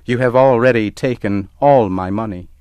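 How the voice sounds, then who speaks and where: A man's voice: mid-range voice, moderate pace, a little mellow, clear, resonant tone, no echo, pitched above the performer's own voice, lightly acted. A man voicing a poor, desperate debtor who pleads in a raised, urgent voice. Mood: pleading.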